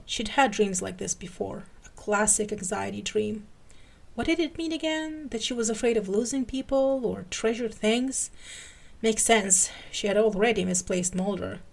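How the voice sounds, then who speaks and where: A woman podcast host giving an expressive dramatic reading of fan fiction. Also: medium pitch, normal speed, creaky.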